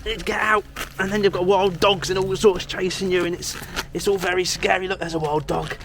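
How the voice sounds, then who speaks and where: A man's voice: high-pitched, level tone, moderate pace, background noise. A man making a comic vlog at a campsite outdoors, wry and sarcastic, joking at his own expense. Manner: wry and sarcastic, laughs at himself. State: a bit out of breath. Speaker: vlogger. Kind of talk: self-deprecating comic vlog.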